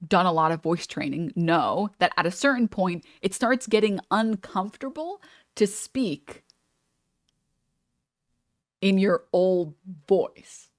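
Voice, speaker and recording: A woman's voice: lowish voice, lively intonation, slow, no room sound, studio quality. A woman streamer chatting casually while reacting to a video, rambling with many fillers and restarts. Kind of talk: casual live-stream chat.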